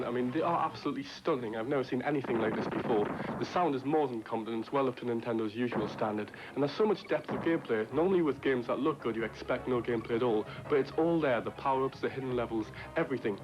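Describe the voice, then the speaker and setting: Fast man praising a game, dull noisy tape. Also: mid-range voice, music in the background. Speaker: game reviewer. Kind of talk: 1990s TV game review. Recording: dull noisy 1990s TV archive.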